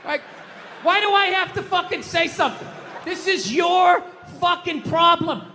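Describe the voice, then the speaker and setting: A man's voice: very high-pitched, a little slow, big-room sound, a faint crowd, a little hiss or hum. Ranting male stand-up comic. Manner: ranting, exasperated, shouting punchlines. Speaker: stand-up comedian. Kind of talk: stand-up comedy. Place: live comedy stage. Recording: live stage audio with audience.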